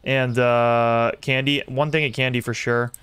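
A young man streaming a simulator game, commenting excitedly and talking to his chat as he plays. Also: mid-range voice, measured pace, smooth, dry recording. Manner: excitable, talks to chat while playing. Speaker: gaming streamer. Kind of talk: live gameplay commentary.

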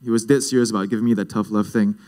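A man's voice: lowish voice, rapid-fire. Jokey young Singaporean man telling stories. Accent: Singaporean English. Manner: casual, jokey, lively storytelling. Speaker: speaker at a youth leadership event. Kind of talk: personal storytelling talk.

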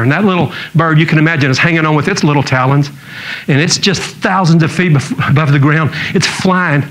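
Through a rough recording comes a fairly high, fairly bright male voice: a preacher in church spinning humorous stories and performing the voices of those he quotes as part of his sermon.

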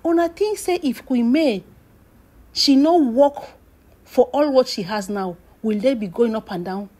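A woman's voice: fairly high pitch, measured pace, warm tone. A woman with a Nigerian Pidgin English accent telling celebrity gossip as a dramatic story, stretching out phrases, dropping into whispered asides and bursting into exclamations.

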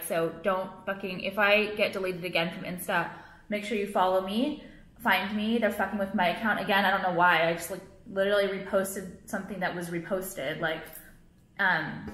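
A young woman talks straight to her camera in a loose, rambling vlog rant, full of fillers and blunt swearing. Her voice sits at an ordinary middle pitch. The room around her rings with echo. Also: a bit bright. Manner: rambling, heavy on "like", blunt and profane. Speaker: vlogger and jewelry line owner. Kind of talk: casual ranting vlog to camera. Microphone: camera, not phone. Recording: echoey room.

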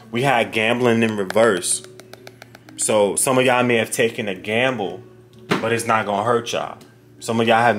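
A man giving a casual tarot card reading to his viewers, talking straight to them in a slangy, animated way. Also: fairly low pitch. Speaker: tarot reader.

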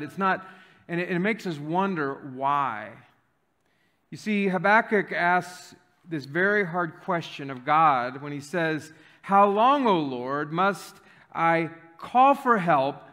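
A man preaching from the pulpit, joking and conversational, sprinkling in fillers as he goes. His voice runs a bit high and bright. The sound carries a long church reverb. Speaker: pastor. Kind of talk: sermon. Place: church sanctuary.

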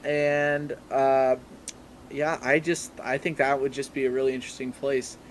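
A man's voice: medium pitch, little pitch movement, a little slow, slight background noise. A young man as a podcast guest, telling travel stories in a rambling, casual way full of fillers. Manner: rambling, filler-heavy storytelling. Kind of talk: casual chat.

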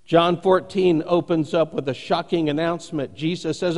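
A pastor delivers his sermon with earnest emphasis and measured pauses. His voice sits high for a man. It carries a long reverb from the church sanctuary where he stands. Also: fairly even intonation.

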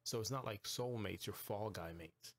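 Excitable man streaming a game live. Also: lowish voice, normal speed, dry recording. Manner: excitable, talks back to the game, trash-talking; bursts into shouts and squeals when surprised. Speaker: gaming streamer host. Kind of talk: live gameplay commentary.

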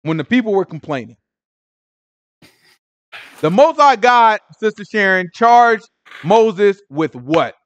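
A man leading a Bible study in an animated, conversational way, repeating phrases and asking the group questions. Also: high voice, slow pace, long pauses, dry recording, lo-fi sound.

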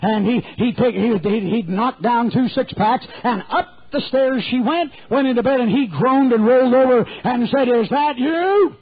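High-voiced man preaching, husky tone, folksy storyteller, dry phone-like recording. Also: moderate pace, hardly any pauses, no echo. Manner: folksy, humorous anecdotes with animated quoted voices. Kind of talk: storytelling sermon.

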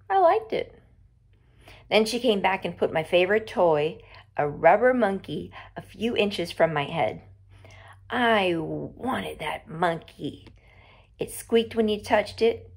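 Casting: woman teacher, reads a story aloud slowly, expressive, with some whispered bits. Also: mid-range voice.

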